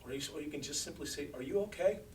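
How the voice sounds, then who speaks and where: A man who is a guest on a radio chat show, husky-voiced, mostly chiming in with short agreeing remarks. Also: a little high, rapid-fire. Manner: brief, agreeable interjections. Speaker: guest singer-songwriter.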